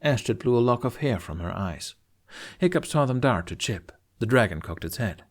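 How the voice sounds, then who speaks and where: Male audiobook reader, animated and expressive, mid pitch. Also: moderate pace. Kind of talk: storybook narration.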